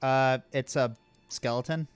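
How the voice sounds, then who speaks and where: A man's voice: medium pitch, steady tone, a little slow, clean tone, faint music behind. A man running a tabletop game as game master, laid-back and hesitant, with many fillers. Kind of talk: narrating a tabletop game over voice chat.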